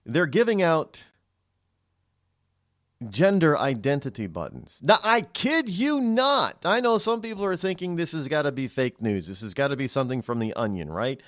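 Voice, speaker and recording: Animated male talk radio host. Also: a little high, normal speed, no echo, studio quality. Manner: rambling, opinionated, conversational.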